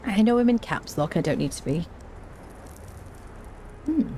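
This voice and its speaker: A woman's voice: mid-range voice, measured pace. A woman from Britain streaming a game, chatting casually and reading chat aloud, ranting with energy. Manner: chatty, reads chat aloud, animated rants. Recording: faint background noise.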